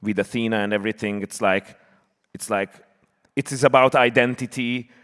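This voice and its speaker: Panel interviewer, an earnest man with a crisp voice and long hall reverb. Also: on the low side, fairly even intonation, moderate pace, a bit bright. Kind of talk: enthusiastic conversational interview. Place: large convention stage.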